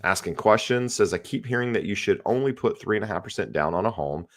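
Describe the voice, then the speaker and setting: A man's voice: fairly low pitch, animated, quick pace. A man hosting a live podcast, chatty and upbeat, thanking viewers and reading out their questions. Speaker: podcast host, real estate agent. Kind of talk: casual live-stream hosting.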